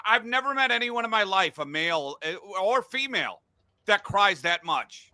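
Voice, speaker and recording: A man's voice: sits high, big pitch swings, normal speed, bright, forceful tone, no echo. A middle-aged man hosting a casual sports podcast from a home studio, blunt and profane when he rants. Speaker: podcast host.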